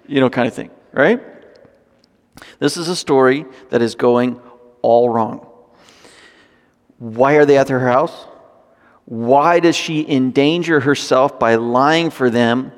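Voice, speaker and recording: A man preaching a sermon, reading scripture and breaking into animated, joking asides. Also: medium pitch, slow, pauses often. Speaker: pastor. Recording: long hall reverb.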